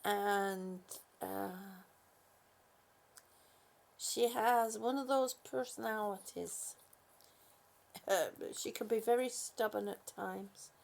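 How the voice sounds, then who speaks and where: A woman's voice: medium pitch, slow, creaky, long pauses. A woman vlogger in a casual morning chat, affectionately greeting viewers and fussing over her dog.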